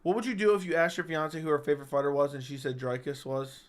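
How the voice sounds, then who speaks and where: A man's voice: fairly high pitch, steady tone, fast. A young man hosting a live-stream chat, rambling and joking as he reads viewer comments aloud.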